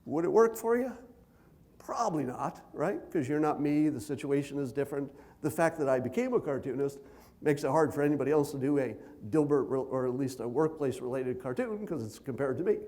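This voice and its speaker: A man giving a conference keynote speech, conversational with dry self-deprecating humor, deliberately speaking at a raised pitch. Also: expressive, warm tone. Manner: loose, unhurried delivery with many fillers and asides.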